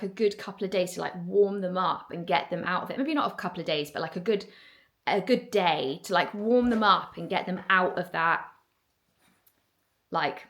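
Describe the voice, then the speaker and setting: English mum vlogging at home, chatty, kinda low and gravelly, says like a lot. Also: female voice, a bit bright. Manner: chatty, lots of "like" fillers. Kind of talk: casual home vlog chat.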